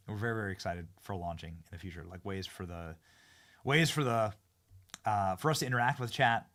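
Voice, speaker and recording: An energetic man hosts a live-streamed show from his studio. He chats casually in a mid-range voice, hyping guests and tripping over his own phrases as he repeats them. He sounds loose, upbeat and unscripted. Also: medium pitch. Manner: excitable, repeats and restarts phrases, hypes guests. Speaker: political talk show host.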